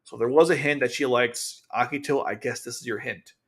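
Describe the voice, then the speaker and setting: A man's voice: mid-range voice, fairly even intonation, fairly quick, fairly bright tone, breathy edge. Rambling man recapping an anime episode. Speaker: anime reviewer and channel host. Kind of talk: casual episode commentary over video.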